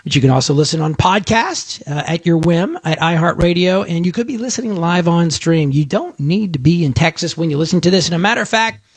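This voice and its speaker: Man radio host, high and gravelly, husky edge, dry close studio mic, rambling jokey patter. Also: lively intonation, fairly quick, hardly any pauses, no echo. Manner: chatty, joking, rambling with fillers and restarts. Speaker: radio talk show host. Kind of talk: casual radio talk. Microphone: studio microphone.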